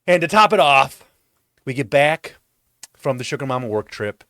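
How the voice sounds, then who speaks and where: A man's voice: medium pitch, normal speed, dry recording. Exasperated, foul-mouthed man ranting. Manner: profane ranting; exasperated, animated storytelling. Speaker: vlog host. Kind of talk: comedic monologue. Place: home.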